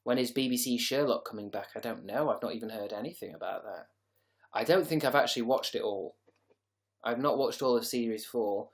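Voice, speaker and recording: A man's voice: medium pitch, a little fast. Sleepy guy chatting on a live stream, sarcastic, reads out comments and rambles. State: tired. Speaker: livestream host. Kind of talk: casual livestream chat.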